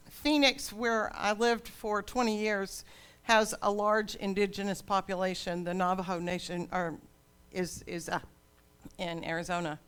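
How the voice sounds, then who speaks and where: A woman's voice: medium pitch, fairly bright tone, clean tone. An older woman pastor delivering a sermon in a dramatic storytelling manner.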